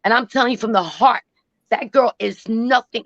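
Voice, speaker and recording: A woman's voice: on the high side, normal speed, no echo, muffled recording. A woman calling into a live stream, speaking bluntly, cursing and repeating herself. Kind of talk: emotional call-in rant.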